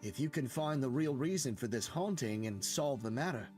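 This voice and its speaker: A man reading a calm village chairman dog, telling a ghost story in a measured way. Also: medium pitch, soft background music, natural voice.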